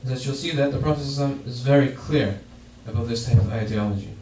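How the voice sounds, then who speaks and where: Male preacher, sermon, fast-talking, repeats himself, roomy mosque hall, faint background hiss. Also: medium pitch. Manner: explains a hadith, repeats and restarts phrases. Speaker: preacher giving a Friday sermon. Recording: echoey hall, distant mic, faint noise.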